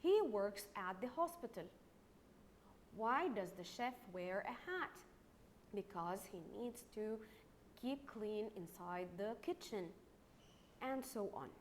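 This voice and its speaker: A woman's voice: mid-range voice, animated, slight background noise. A young woman with an Egyptian accent teaching a primary English lesson, patient and repetitive, stretching words out to clap their syllables. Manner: slow and patient, repeats words, claps out syllables. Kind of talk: recorded online English lesson.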